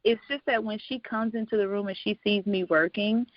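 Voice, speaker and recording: A woman's voice: mid-range voice, steady tone, a little fast, no echo. A woman, a guest on a podcast, telling stories in a reflective, casual way and laughing often. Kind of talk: casual interview chat. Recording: dull lo-fi podcast audio.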